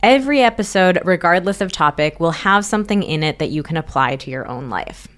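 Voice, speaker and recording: A woman's voice: on the low side, animated, brisk. A woman co-hosting a podcast, chatting casually and reading listener messages aloud in an upbeat way. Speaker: podcast co-host.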